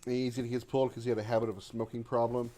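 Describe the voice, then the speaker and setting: A man's voice: medium pitch, level tone, very fast, warm tone. A man in his thirties livestreaming a video game, chatting casually with his viewers, joking and swearing while he plays. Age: 30s. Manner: chatty, profane, reads chat aloud, frequent fillers. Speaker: gaming livestreamer. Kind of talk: casual live-stream chat while gaming.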